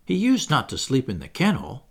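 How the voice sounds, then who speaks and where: Guy putting on a cheeky excited boy, jumpy pitch. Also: normal speed, creaky, slightly rough, full character voice. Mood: doubtful. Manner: excitable, doubtful. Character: cheeky, self-assured boy.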